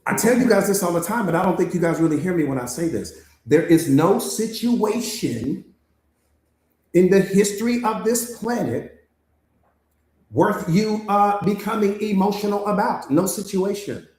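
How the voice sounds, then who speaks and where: A man with a fairly high voice delivers a motivational master class as a coach. His delivery is emphatic and preaching, with points hammered home through repetition. The sound is roomy, with noticeable echo. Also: expressive, normal speed, a little mellow.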